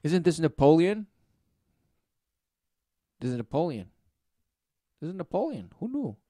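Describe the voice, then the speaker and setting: A man's voice: fairly high pitch, big pitch swings, unhurried, mellow, dry recording, clean studio sound. A man giving sarcastic, rambling commentary, mocking and repeating himself.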